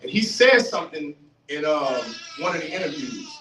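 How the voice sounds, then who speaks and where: A man giving a fiery street-style religious lecture, animated, questioning the audience and acting out voices. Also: on the high side, normal speed. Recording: roomy, distant mic, faint hiss.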